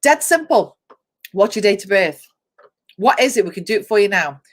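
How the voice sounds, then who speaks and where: A woman's voice: mid-range voice, lively intonation, normal speed. Chatty lady host going down a list, calls out viewers by name, laughs a lot. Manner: chatty, reads lists aloud, talks to viewers by name; laughs often, explains step by step. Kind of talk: live online chat show.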